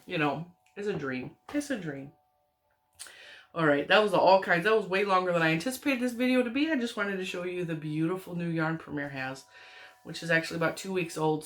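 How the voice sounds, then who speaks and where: A woman crochet vlogger, perhaps in her thirties, chatting at home in a rambling, giggly way as she tells family stories. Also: low-pitched. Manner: rambling, giggly, animated retelling with frequent laughs. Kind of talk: casual chatty storytelling.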